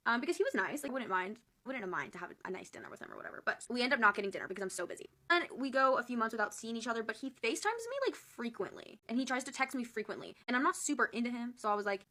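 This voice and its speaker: A young woman telling a dating story to camera in an animated, playful, gossipy way. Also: on the high side, very fast.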